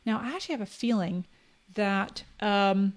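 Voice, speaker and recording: A woman in her fifties from Canada with a Scottish accent, hosting a live-streamed software tutorial in a chatty, upbeat way and talking straight to her viewers. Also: mid-range voice, moderate pace. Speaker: host of a live social media training.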